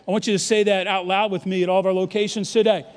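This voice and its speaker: A man in his fifties from New York, a pastor preaching an animated, joking sermon and leading the congregation in call-and-response. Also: sits high, fast talker. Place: large church auditorium. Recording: long hall reverb from a large church.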